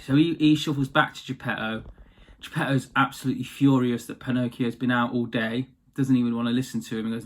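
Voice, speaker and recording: Man, casual slangy storyteller, mid-pitched voice. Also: steady tone, brisk. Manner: chatty, slangy, loose.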